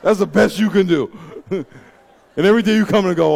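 A man's voice: sits high, moderate pace, gravelly. A man preaching a sermon, telling stories and joking with his listeners. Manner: animated storytelling, joking with the audience. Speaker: pastor.

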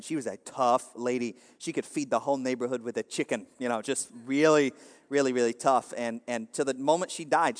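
A man's voice: medium pitch, in a large hall. A man preaching a casual, joking sermon, rambling with constant fillers and asides to the crowd. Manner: rambling, jokey, full of "you know" fillers.

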